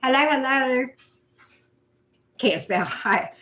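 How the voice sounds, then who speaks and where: A chatty woman in her fifties with a drawl hosts a loose livestream chat. She greets viewers one by one in a voice pitched a little high. She talks in a scattered, easygoing way and pokes fun at herself. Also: lively intonation, slow, fairly bright tone. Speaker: livestream host. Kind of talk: casual live chat.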